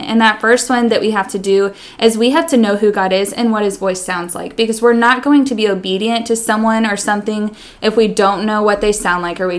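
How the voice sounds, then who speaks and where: Earnest woman leading a faith chat. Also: mid-range voice. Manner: earnest, leads the discussion. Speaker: podcast co-host. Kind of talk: faith-based casual chat.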